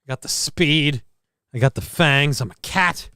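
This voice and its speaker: A man's voice: on the high side, measured pace, bright, forceful tone, smooth, no room sound, studio quality. A man putting on a cocky, crude-talking leopard. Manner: boastful, crude, profane. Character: cocky swaggering male leopard, boastful.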